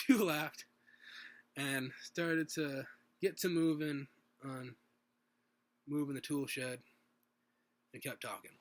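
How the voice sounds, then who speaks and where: A man's voice: a little high, fairly even intonation, slow pace, pauses often. A man reading his own story aloud at home, unpolished, with restarts and little asides.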